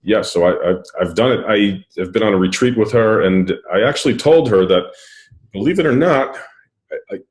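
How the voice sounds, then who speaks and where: A man's voice: fairly low pitch, animated, moderate pace. A man hosting an interview, affirming and reflective in his replies. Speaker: podcast host. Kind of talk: conversational interview.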